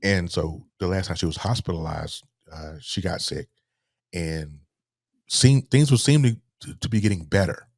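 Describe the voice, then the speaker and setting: A middle-aged man, softly telling a personal story as a podcast guest, halting and restarting as he speaks. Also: low-pitched, gravelly, no room sound, studio quality. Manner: soft-spoken, halting, with repeated restarts.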